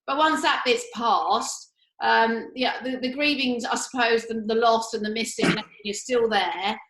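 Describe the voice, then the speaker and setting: A fairly high-voiced woman chats casually as a co-host, breezy and upbeat, her talk loose with fillers. The sound is roomy, with a clear echo around her voice. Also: measured pace, a bit bright. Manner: breezy, upbeat, full of fillers and bursts of laughter. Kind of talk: casual chat. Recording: echoey room.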